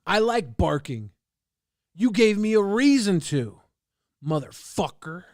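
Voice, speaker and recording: A man streaming casually, reading and answering chat in a loud, profane, combative rant. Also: high voice, sing-song, slow, dry recording, clean studio sound.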